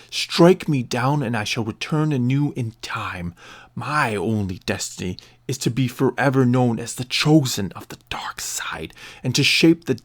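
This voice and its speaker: A man voicing a scheming old male overlord of the dark side in a read-aloud story. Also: lowish voice, creaky, exaggerated voice.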